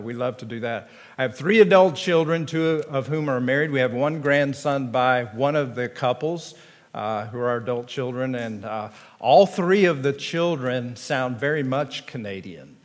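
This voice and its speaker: A man in his fifties with a Tennessee accent, a pastor telling folksy stories at a chapel address, with halting restarts. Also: mid-range voice, fairly bright tone. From Tennessee, USA. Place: large chapel. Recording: long hall reverb.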